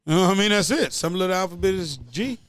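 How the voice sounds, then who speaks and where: A man's voice: high voice, fast talker, fairly bright tone, no room sound, studio quality. A man, a rapper guest on a podcast, talking in slangy casual chat with laughing asides.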